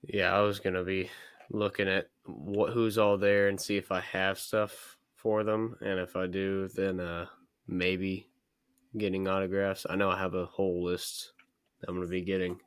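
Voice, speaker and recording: A man's voice: sits low, little pitch movement, normal speed, clear, resonant tone, no echo. A young man co-hosting a podcast, chatting in a laid-back way and trailing off mid-sentence. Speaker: podcast co-host. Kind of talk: casual chat.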